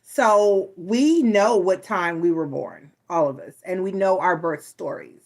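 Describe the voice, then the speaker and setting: A woman's voice: lowish voice, a little slow, a little mellow. Middle-aged woman, casual tarot host, playful and teasing, close mic. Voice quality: chatty, playful, teasing asides. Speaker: tarot reader and channel host. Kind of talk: casual chat to viewers.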